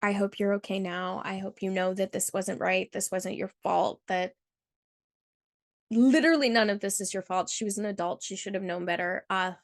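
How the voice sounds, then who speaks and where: A woman's voice: mid-range voice, fairly even intonation, normal speed, dry recording. Earnest woman host, dry close sound. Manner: earnest, heartfelt commentary with casual fillers. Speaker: channel host. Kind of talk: reading a viewer's story aloud and reacting.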